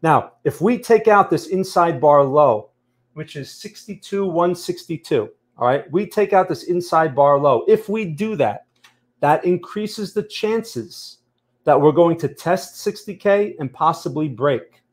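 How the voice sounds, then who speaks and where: A man's voice: fairly high pitch, animated, measured pace. A man hosting a live stream, analysing charts and answering chat in a conversational way, often checking in with the viewers. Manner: conversational, keeps checking in with "okay?" and "right?". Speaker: trading channel host.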